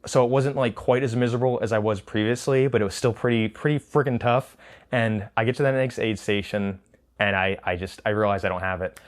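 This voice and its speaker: A man's voice: fairly low pitch, fairly even intonation, fairly quick. Rambling, laughing man telling a race story. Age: adult with children. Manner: rambling, self-correcting, laughs often. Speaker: trail runner recapping a race. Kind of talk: casual spoken race recap.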